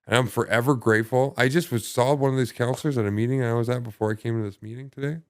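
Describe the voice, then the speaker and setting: A man telling his story as a podcast guest in casual conversation, halting and profane, full of restarts and fillers. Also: medium pitch, steady tone, no echo, clean studio sound.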